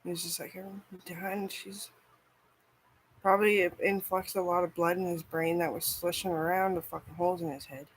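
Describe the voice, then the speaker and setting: A woman's voice: lowish voice, steady tone, normal speed, slight background noise, poor audio. A woman vlogger chatting casually and rambling, swearing freely and filling her talk with "like". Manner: rambling, profane, frequent "like".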